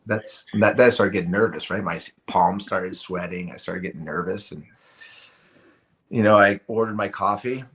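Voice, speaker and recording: A man's voice: low-pitched, normal speed, a bit bright. A middle-aged man, a podcast guest, telling a personal story in a casual interview, with many restarts and "you know"s. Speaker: podcast guest, retired hockey player.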